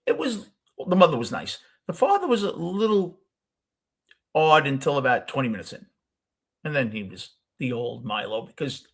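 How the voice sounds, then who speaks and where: An older man with a New York accent, telling a rambling personal story as the host of a casual talk show. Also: medium pitch. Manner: rambling, self-correcting storyteller.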